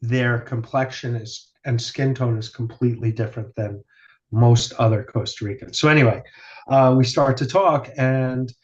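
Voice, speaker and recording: A man's voice: mid-range voice, fairly even intonation, moderate pace. A man chatting casually on a podcast, rambling through stories with lots of fillers and the odd swear word. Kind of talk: casual chat. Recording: dull lo-fi sound.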